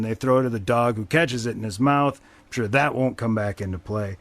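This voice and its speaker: On a dry recording, a podcast host recaps a movie plot in a medium-pitched male voice, talking a little fast with hardly any pauses. His delivery is wry and rambling, full of fillers and frequent profanity.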